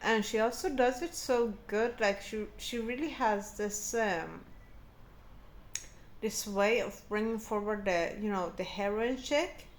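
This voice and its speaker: A woman's voice: mid-range voice, a little slow, a little hiss or hum. A woman delivering a satirical character monologue in a mock-serious, sarcastic rambling manner. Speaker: comedic vlogger.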